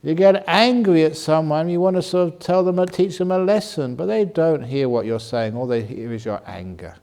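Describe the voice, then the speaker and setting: A man, a Buddhist monk, answering questions at a meditation retreat in a gently humorous way, slowing and softening his voice to show calm speech. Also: fairly high pitch, gravelly. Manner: gently humorous, laughs at his own jokes. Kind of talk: dharma Q&A talk at a retreat.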